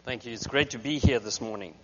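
A man preaching a sermon as a guest speaker, telling stories in an animated way. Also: mid-range voice, quick pace. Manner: animated storyteller. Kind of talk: sermon with storytelling. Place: church sanctuary. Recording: dull recording in reverberant hall with hum.

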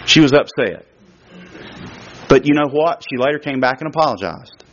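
A middle-aged man preaching a sermon on parenting, emphatic and repetitive, swinging his pitch to act out quotes. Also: lively intonation, normal speed, pauses often, fairly bright tone. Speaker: pastor. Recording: dull lo-fi sound.

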